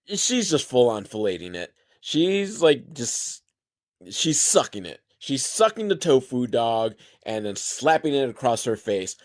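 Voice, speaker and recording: Profane, sarcastic man with a lively voice. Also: fairly low pitch. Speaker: comedic film reviewer. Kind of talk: rambling comedic commentary.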